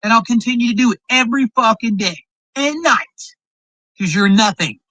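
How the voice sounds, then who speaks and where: Brash high-voiced man trash-talking. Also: normal speed, sharp tone, no room sound, low-quality recording. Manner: boastful, profane trash talk. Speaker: streamer reacting to a rival's video. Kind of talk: heated reaction commentary.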